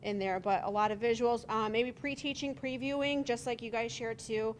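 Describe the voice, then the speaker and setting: A woman's voice: on the high side, fairly even intonation, moderate pace, hardly any pauses, a little hiss or hum. A woman social worker at a training workshop thoughtfully talks through and lists her group's ideas. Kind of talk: group share-out.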